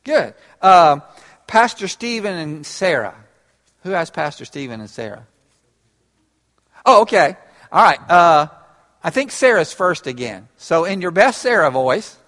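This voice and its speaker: A man's voice: fairly high pitch, sing-song, a little slow, long pauses, fairly bright tone. A man preaching an interactive sermon, talking conversationally and laughing along with his congregation. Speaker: pastor. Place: church. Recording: reverberant church hall.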